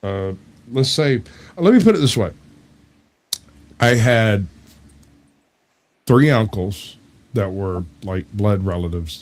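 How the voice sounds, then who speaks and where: Young man with a low voice, casual storyteller who acts out quoted voices and laughs easily. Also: darkish tone. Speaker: debate show guest.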